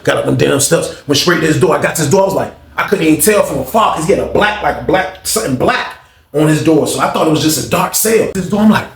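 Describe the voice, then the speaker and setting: A young man spins a casual storytime at a rapid clip, animated and profane, jumping into voices for the dialogue. His voice sits a little high, and a roomy echo hangs around it. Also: gravelly.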